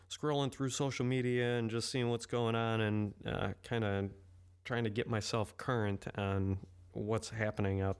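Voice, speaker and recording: A man's voice: mid-range voice, clear, resonant tone. A man hosting a solo podcast who talks in a candid, rambling, self-deprecating way. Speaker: podcast host. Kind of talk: casual solo podcast monologue.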